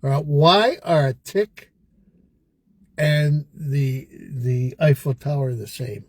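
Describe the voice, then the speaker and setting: An older man chatting on a podcast, telling jokes slowly with many pauses and fillers. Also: on the high side, no echo. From Canada. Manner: slow and halting, hesitates with fillers. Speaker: podcast guest. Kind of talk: casual joke-telling chat.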